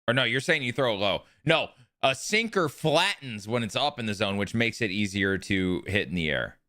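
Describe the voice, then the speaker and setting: A man's voice: fairly low pitch, lively intonation, normal speed, pushed and bright, no room sound, studio quality. A man streaming a video game, chatting casually and joking with his chat. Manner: joking banter with chat, running bits.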